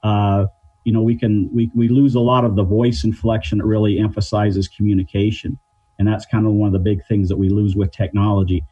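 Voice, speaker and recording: A middle-aged man, a crisis negotiation trainer, giving measured interview answers and explaining his points with everyday examples. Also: lowish voice, little pitch movement, dark tone, breathy edge. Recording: dull lo-fi line.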